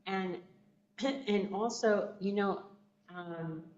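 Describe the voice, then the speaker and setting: A woman's voice: mid-range voice, extremely slow, a little mellow. A woman adding to a group text study, hesitant and searching as she speaks. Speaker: participant. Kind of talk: discussion contribution. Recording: echoey, dull, faint noise.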